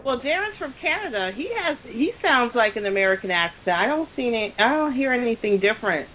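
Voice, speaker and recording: A woman's voice: fairly high pitch, very animated, a little fast, fairly bright tone, poor audio. A woman on a casual radio chat, asking questions and tossing in theories. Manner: inquisitive, tosses in theories. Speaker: show regular. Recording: faint background noise.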